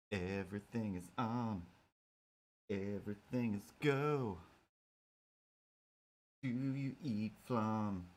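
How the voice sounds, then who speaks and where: A man's voice: mid-range voice, a little mellow. A man hosting a live stream while he draws, rambling and joking to himself and his viewers in a casual chat. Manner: rambling, jokey, talks to himself. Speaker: streamer drawing cat comics.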